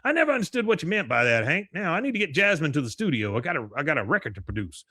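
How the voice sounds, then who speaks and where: A man's voice: fairly high pitch, very animated, rapid-fire, sharp tone, no echo, clean studio sound, voice pushed up, heavily acted. A man voicing a sleazy cartoon hustler in a sly, breezy way while recapping an episode.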